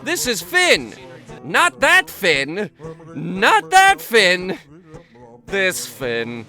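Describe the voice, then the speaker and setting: A man's voice: a little high, sharp tone. A man hosting a comedic movie review, ranting sarcastically and swearing freely.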